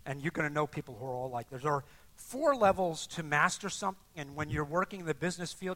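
Older guy preaching, lively voice that swings up high, bright and sharp. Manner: animated, conversational, acts out voices. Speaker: pastor. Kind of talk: sermon.

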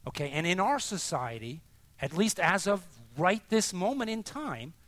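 A man preaching a sermon as pastor, emphatic and deliberate, sometimes dropping to a hushed near-whisper. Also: sits high, sing-song, no echo.

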